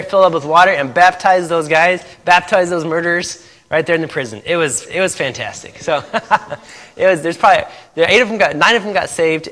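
A man preaching, telling a lively testimony story to a congregation, laughing often and acting out dialogue. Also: on the high side. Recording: echoey hall.

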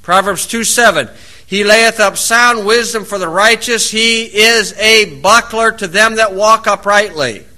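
A man delivers a homespun sermon in a high, very bright voice. He reads scripture at a deliberate pace, then slips into relaxed, plain-spoken stories about everyday life. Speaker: preacher. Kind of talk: folksy sermon.

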